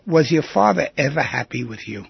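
Man, radio call-in host, rambling and jokey, lively swinging pitch, dull lo-fi radio sound. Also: brisk, creaky, husky, no echo. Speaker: radio talk show host.

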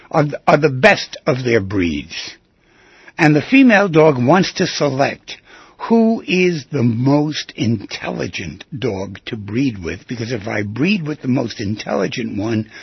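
A man hosting call-in radio, with a husky, very gravelly voice and a lively, swooping delivery. He talks in a rambling, chatty, jokey way. The sound is dull and lo-fi, like a radio broadcast. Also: mid-range voice, no room sound. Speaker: radio talk show host.

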